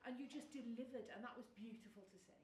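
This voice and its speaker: A woman in the audience offering warm, admiring feedback. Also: a little high, fast talker. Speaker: audience member. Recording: echoey, distant, faint noise.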